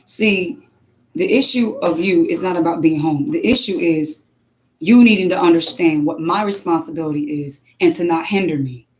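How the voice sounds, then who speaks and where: A woman who reads scripture aloud and then tells emphatic, lively stories as a livestream preacher. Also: mid-range voice, poor audio. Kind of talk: scripture reading and casual testimony.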